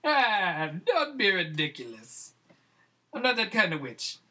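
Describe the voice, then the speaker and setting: A man voicing a kindly, mysterious old female witch doctor with a Jamaican accent, speaking slowly and soothingly. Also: high voice, sing-song, bright, forceful tone, voice pushed up, full character voice. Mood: amused.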